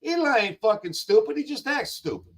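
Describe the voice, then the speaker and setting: A man with a notably high voice rants as a call-in guest, blunt and full of swearing. His points come in rapid-fire jabs. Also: big pitch swings, rough recording. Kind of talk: heated profane rant.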